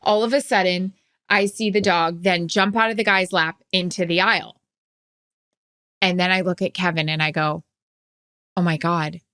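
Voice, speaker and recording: A woman co-hosting a podcast in casual chat, telling a story in an animated way and acting out the quotes. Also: on the low side, moderate pace, clean tone, no echo, studio quality. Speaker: podcast co-host.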